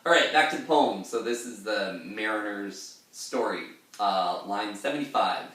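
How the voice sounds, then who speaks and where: A man in a fairly low voice talks through a poem casually, wandering into asides and filling gaps with "uh". He sounds distant from the mic, in a very echoey room. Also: a little slow, a bit bright. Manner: chatty and digressive, many "uh" fillers. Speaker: poetry teacher. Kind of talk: casual literary explanation.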